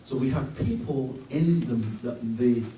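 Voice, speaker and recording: A man's voice: medium pitch, measured pace. Middle-aged man preaching in a roomy hall. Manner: emphatic preaching, swelling to loud peaks. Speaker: conference speaker. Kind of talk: sermon. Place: conference hall. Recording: roomy hall, distant mic, faint noise.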